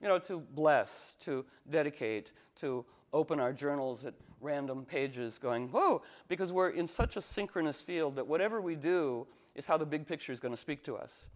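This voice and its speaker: A man teaching astrology in a casual talk, rambling with many fillers and restarts, acting out quoted voices with sudden jumps in pitch. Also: moderate pace, few pauses.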